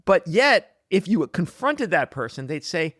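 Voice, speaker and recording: A man hosting a podcast interview, asking questions conversationally with some halting restarts. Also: sits high, big pitch swings, a bit bright, dry recording. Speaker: podcast host.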